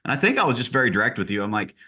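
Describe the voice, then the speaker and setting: A middle-aged man hosting a casual podcast interview, an animated storyteller who acts out conversations. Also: very fast, breathy edge. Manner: animated storyteller, acts out dialogue with big pitch jumps. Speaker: podcast host and real estate coach.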